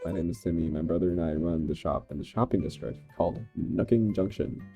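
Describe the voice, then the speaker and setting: A woman reading lines for a friendly young raccoon shop boy in a soft, low-key way. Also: brisk, faint music behind.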